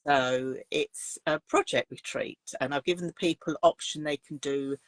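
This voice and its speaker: A woman's voice: low voice, moderate pace, no room sound. Fields: Sex: woman. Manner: chatty, detailed. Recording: dry. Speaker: craft teacher running retreats. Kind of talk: casual interview chat.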